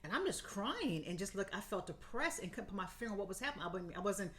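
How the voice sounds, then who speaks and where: A woman in her fifties co-hosting a podcast, chatting candidly and encouragingly, laughing often and jumping high in pitch for quoted asides. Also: very animated, fast talker, a bit bright. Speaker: podcast co-host. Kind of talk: casual health chat.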